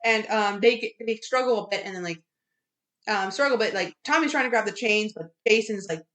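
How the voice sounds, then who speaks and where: A woman's voice: mid-range voice, fairly quick. A young woman co-hosting a podcast, chatting casually and animatedly about a film, with plenty of fillers. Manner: animated, excitable recapping with fillers. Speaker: podcast co-host. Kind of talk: casual chat.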